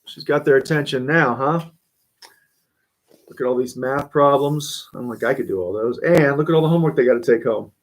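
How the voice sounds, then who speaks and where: A man reads a children's picture book aloud on a livestream for students. His voice sits at an ordinary middle pitch. He keeps stopping to chat and comment on the pictures. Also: brisk, slight background noise, rough recording. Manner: chatty, with frequent asides and comments on the pictures. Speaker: school staff reading to students. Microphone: phone or camera for a livestream.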